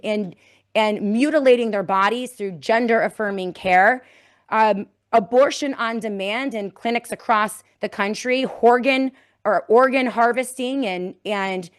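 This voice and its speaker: A woman hosting a live-streamed commentary show, talking in an indignant, sarcastic, rambling way with frequent restarts. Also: on the high side. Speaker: talk show host.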